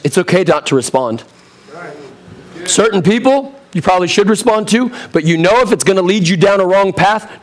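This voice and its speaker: Hoarse-edged preacher man, conversational. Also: a little high. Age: 30s. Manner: direct, conversational preaching with rhetorical questions. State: getting hoarse. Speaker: pastor. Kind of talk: sermon.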